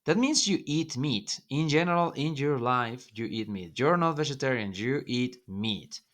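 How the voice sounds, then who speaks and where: Slow-talking teacher, emphatic. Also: male voice, medium pitch, expressive, fairly bright tone. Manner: repeats points with emphasis, checks in with "yeah?". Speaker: Spanish teacher. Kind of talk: online language lesson.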